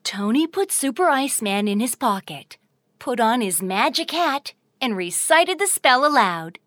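A woman narrating a children's audio story in an expressive, sing-song, deliberate way. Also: on the high side, dry recording, studio quality.

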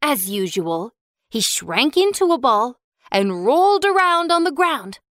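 A woman tells a children's storybook tale in a slow, expressive way. Her high voice swoops up and down, and the recording is dry and close. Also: dry recording. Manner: expressive, slow, sing-song.

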